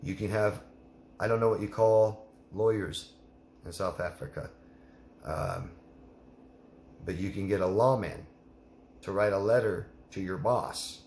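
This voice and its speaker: A man's voice: lowish voice, unhurried, long pauses, a little mellow, slight background noise. Man, life coach, live Q&A advice, blunt, emphatic, echoey room. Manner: blunt, emphatic, repeats the listener's name.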